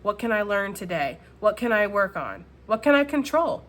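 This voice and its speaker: A woman's voice: medium pitch, big pitch swings, normal speed, a bit bright. A woman talking through a casual tarot card reading at home in a chatty way. She laughs often and repeats phrases. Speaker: tarot reader.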